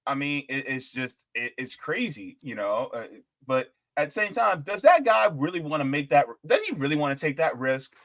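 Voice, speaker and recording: A man's voice: fairly high pitch, big pitch swings, moderate pace, few pauses, fairly bright tone, no echo. A man hosting a casual political chat, reading headlines aloud and reacting with chuckles. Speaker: host.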